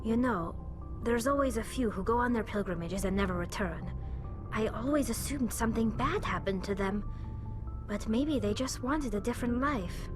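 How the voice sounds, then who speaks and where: An actress voicing a young, homesick alien engineer in game dialogue, soft-spoken and hesitant. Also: female voice, on the high side, moderate pace, music in the background, close to an everyday voice. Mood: wistful.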